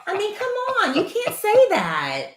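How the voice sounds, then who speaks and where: A woman's voice: very high-pitched, huge pitch swings, unhurried. A middle-aged woman co-hosting a podcast, chatting casually and teasing her co-host in a playful way. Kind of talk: casual chat. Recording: roomy echo.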